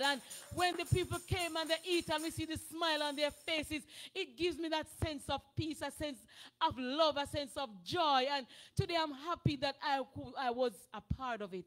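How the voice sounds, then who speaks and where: A woman's voice: high voice, moderate pace, a bit bright, soft background music. A woman giving a heartfelt, earnest testimony to a church congregation. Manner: earnest, fervent, calls to worship. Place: church sanctuary.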